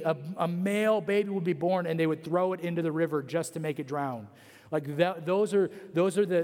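High-voiced man preaching in a hall. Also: a little mellow. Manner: conversational, heavy on fillers like 'like'. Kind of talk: casual sermon. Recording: long hall reverb.

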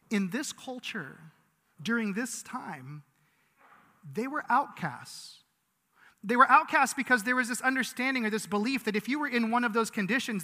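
A man's voice: high-pitched, bright, forceful tone. A man giving a sermon as pastor, earnest and conversational, with frequent restarts. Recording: long reverb of a large hall.

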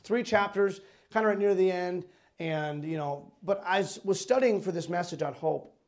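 High-voiced man preaching a sermon. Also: moderate pace. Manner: earnest preaching, repeats words, swings between loud emphasis and quiet. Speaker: pastor.

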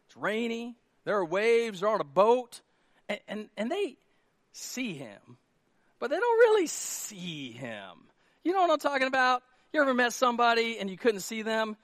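A man preaching a sermon as pastor, conversational and animated, swinging between quiet asides and loud emphatic lines. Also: sits high, dry recording, clean studio sound.

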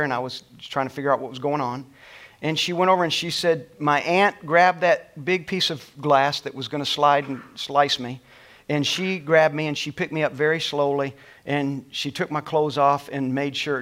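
A middle-aged man preaching, telling a family story from the pulpit with emotion and dropping to soft, quiet tones at tender moments. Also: medium pitch, fairly even intonation, moderate pace. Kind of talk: sermon storytelling.

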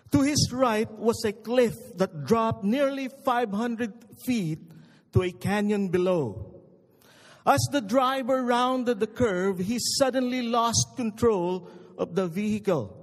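A male pastor delivering a sermon in a high voice, slow and emphatic as he tells his stories. His words ring out with a long reverb, as in a church hall.

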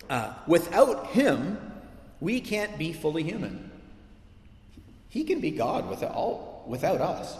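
A man preaching a sermon as pastor, animated and conversational, with frequent asides to his listeners. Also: fairly high pitch. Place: church sanctuary. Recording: echoey church hall.

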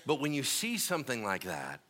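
Animated, bright-voiced male preacher. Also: mid-range voice, fairly quick. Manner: conversational and animated, acting out scenes. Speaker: pastor. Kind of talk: sermon.

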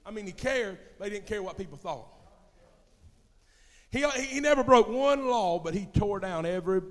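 A middle-aged man preaching a sermon as pastor in a church, swinging from quiet murmurs to loud shouts. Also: high voice, animated, moderate pace, in a large hall. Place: church sanctuary.

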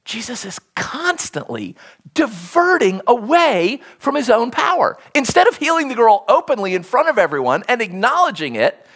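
Animated preacher with swooping pitch. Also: normal speed. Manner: animated storytelling, acts out quoted speech. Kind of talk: sermon.

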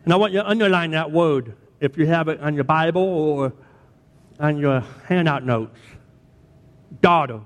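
A man's voice: on the high side, normal speed. A man preaching a sermon as a pastor, dramatic and emphatic, repeating key words for effect. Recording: long hall reverb.

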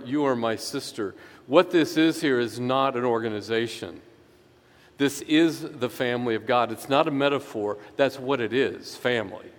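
A man preaching a sermon in an earnest, emphatic way, slowing down to stress key phrases. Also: mid-range voice. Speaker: pastor. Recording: echoey hall reverb.

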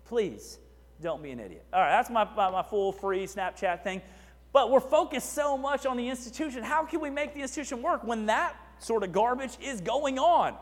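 Pastor, male, high voice, chatty sermon with asides, church hall reverb. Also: normal speed. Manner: conversational, asides and repeated "right?".

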